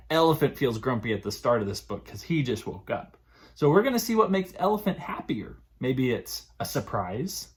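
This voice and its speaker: A male children's librarian leading a story time, playful and sing-song as he talks to little kids. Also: medium pitch.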